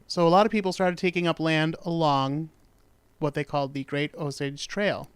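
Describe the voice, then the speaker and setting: A man's voice: on the high side, steady tone, moderate pace, clean tone, no echo. A man hosting a true-crime talk show, telling the story in a rambling, jokey way and correcting himself as he goes. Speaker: podcast host. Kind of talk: casual true-crime chat.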